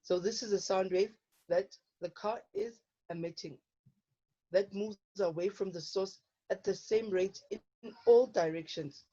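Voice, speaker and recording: Woman, science teacher, mellow tone, dull lo-fi recording. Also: medium pitch, measured pace. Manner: checks in with frequent "okay?". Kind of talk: online lesson explaining problems. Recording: dull lo-fi online lesson audio.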